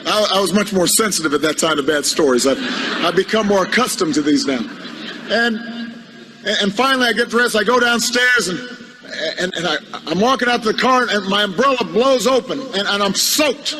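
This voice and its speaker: Halting, wry male politician telling a story. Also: high voice, lively intonation, noisy background. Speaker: politician giving a speech. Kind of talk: humorous anecdote in a speech.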